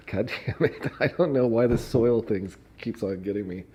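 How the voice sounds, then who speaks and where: A man's voice: low-pitched, normal speed, hardly any pauses, mellow, breathy edge. A man hosting a casual commentary livestream, reading documents aloud with laughing fits, swearing and mocking asides. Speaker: streamer reading court filings.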